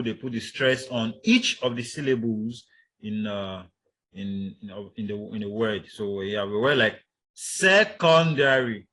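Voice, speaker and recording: Male lecturer, mid-pitched and unhurried, stops for fillers and demonstrates intonation patterns aloud. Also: a bit bright. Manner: halting, frequent fillers, acts out example intonations. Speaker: linguistics lecturer. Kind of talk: university lecture.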